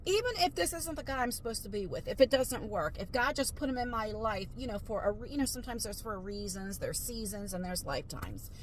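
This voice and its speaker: A woman's voice: on the high side, expressive, fairly quick, few pauses, a little hiss or hum, rough recording. A middle-aged woman chatting casually to her phone camera in a rambling, confiding vlog style, full of fillers. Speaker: vlogger. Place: car, then store aisles.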